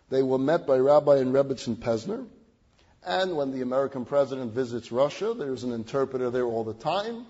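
A man telling stories in a sermon, building dramatically to loud peaks and then dropping to a hushed, low delivery, in a slightly muffled recording. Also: husky. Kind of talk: sermon storytelling.

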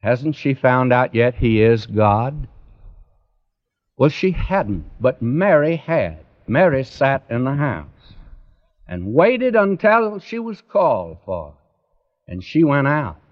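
A man preaching a sermon in a slow, emphatic cadence that rises and falls, directly addressing his listeners. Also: medium pitch, big pitch swings. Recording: dull lo-fi recording.

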